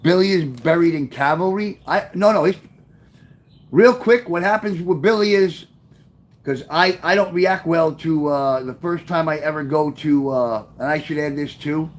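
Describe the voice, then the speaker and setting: Middle-aged New guy streaming, rambling and cursing, slightly high voice, reads his memoir to chat. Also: moderate pace. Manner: rambling, profane, reads chat comments aloud. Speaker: livestream host reading his memoir. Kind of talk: casual livestream storytelling. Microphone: webcam.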